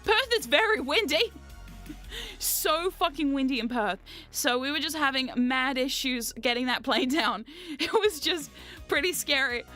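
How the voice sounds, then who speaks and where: Woman streamer, high and bright, loose and chatty, swears freely, animated storyteller. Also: measured pace, faint music behind. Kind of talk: casual storytelling chat.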